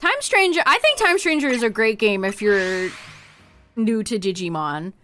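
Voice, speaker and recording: Chatting loosely with her viewers while playing a game on stream, a woman laughs frequently and leaves sentences unfinished. Her medium-pitched voice swings widely in pitch, has a sharp tone, and moves at a moderate pace over faint background music.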